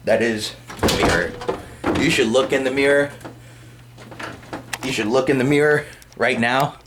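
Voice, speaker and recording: A young man ranting casually as a vlogger, rambling and excitable with lots of slang. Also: mid-range voice, slight background noise. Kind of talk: casual motivational rant.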